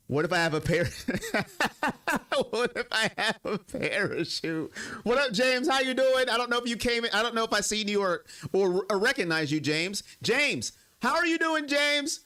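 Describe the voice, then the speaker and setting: A man's voice: high-pitched, bright, forceful tone, clear, resonant tone. A young man hosting a sports live stream, chatting casually and emotionally with his viewers. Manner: emotional, talks straight to his chat.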